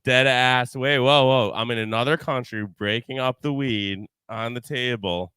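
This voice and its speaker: Podcast co-host, man in his thirties, lively storyteller, smooth clear voice on a dry mic. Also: unhurried, dry recording. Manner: animated storyteller, pitch jumping up when excited. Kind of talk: casual chat.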